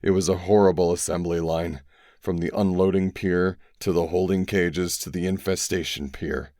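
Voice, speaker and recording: A man reads first-person narration in a very deep, grave voice, measured and steady. The recording is close and completely dry. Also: dry recording. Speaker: audiobook narrator.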